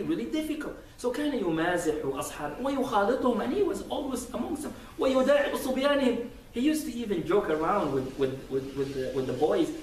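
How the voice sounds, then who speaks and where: Male preacher, animated storyteller, slightly high voice, recorded from a distance in a reverberant hall. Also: a little hiss or hum. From United States. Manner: animated, acts out little scenes, laughs often. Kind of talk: Friday sermon. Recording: echoey room from far off.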